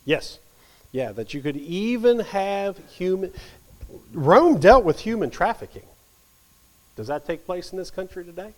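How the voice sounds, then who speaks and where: A man teaching a Bible study with a lively, swinging delivery. His voice sits a little high for a man and rises sharply on emphasis. At times he drops almost to a whisper. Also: a little slow, pauses often, rough recording. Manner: animated, swings from loud emphasis to near whisper.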